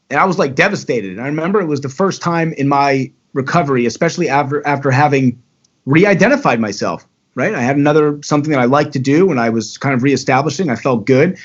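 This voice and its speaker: The recording is dull and lo-fi, carrying a man's ordinary mid-pitched voice. He's a guest on a podcast, relaxed and chatty as he shares his own story.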